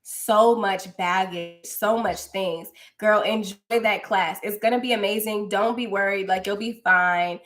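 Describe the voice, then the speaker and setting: A woman's voice: medium pitch, steady tone, measured pace, hardly any pauses, fairly bright tone. A young woman hosting a casual livestream, chatting effusively with viewers and calling them girl. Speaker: livestream host and spiritual coach. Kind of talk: casual livestream chat reading comments.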